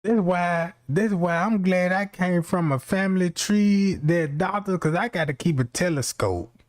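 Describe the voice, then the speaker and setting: A man's voice: sits high, measured pace. A man hosting a stream, ranting casually and cracking profane jokes, rambling and slipping into quoted voices. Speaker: streamer host. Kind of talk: casual comedic rant.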